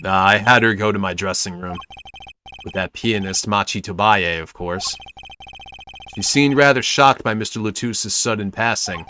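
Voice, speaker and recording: Suave rock star prosecutor, curt and irritable, pitched down by a male streamer. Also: normal speed, bright, forceful tone, a little hiss or hum.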